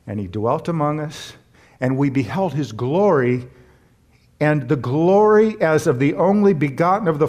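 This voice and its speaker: A man preaching a sermon as a pastor and Bible teacher, earnest and emphatic, putting questions to his congregation and slowing down to stress key words. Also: medium pitch, darkish tone.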